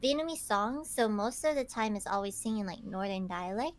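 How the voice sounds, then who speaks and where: A young woman hosting a casual podcast, telling stories in an animated, giggly way with lots of "like". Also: mid-range voice, a little fast. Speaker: podcast host.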